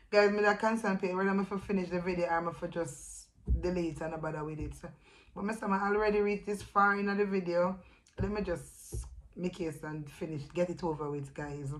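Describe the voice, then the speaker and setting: A woman with a Jamaican accent talks straight to her viewers in a personal vlog, her voice sitting a little low. She tells her story in a halting, emotional way, breaking off and starting her sentences again. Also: steady tone, poor audio. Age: adult with a young son. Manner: halting, emotional, with many restarts. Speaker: vlogger.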